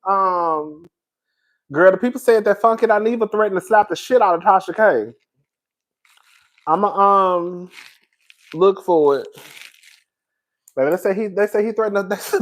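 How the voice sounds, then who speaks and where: A man hosting a livestream of gossip commentary, talking in sassy, profane, hollering rants straight to his viewers. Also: high voice. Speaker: YouTube commentator.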